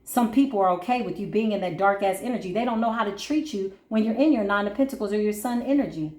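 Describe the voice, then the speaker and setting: In a roomy acoustic, a spiritual reader talks quickly at a medium pitch, encouraging listeners during a card reading. Casual and emphatic, she calls them "baby" and "boo," alternating between sermon-like intensity and hushed asides.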